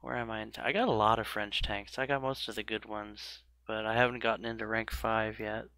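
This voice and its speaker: Gravelly thirty-something man streaming. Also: fairly low pitch, flat delivery, fairly quick, sharp tone, dry recording. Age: 30s. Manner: chatty, self-mocking, laughs often. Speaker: game streamer. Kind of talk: casual live-stream chat.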